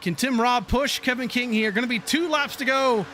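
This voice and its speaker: A man calling a motor race play-by-play, excitable and quick to exclaim. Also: very high-pitched, background noise. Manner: excitable, shouting calls, laughing. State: out of breath. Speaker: play-by-play commentator.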